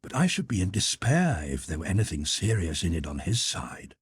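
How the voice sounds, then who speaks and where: A man voicing an emotional young noblewoman, breathy and pleading, in an audiobook. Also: low voice, moderate pace, no echo, clean studio sound, exaggerated voice. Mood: excited. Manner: lifted, pleading, excitable delivery. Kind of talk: audiobook character voice.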